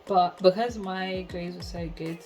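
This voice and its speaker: A woman's voice: fairly low pitch, steady tone, unhurried, rough recording. A young woman in her twenties with a Jamaican accent, telling a candid, exasperated story in casual chat and slipping into patois. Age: 20s. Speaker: vlogger. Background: soft background music.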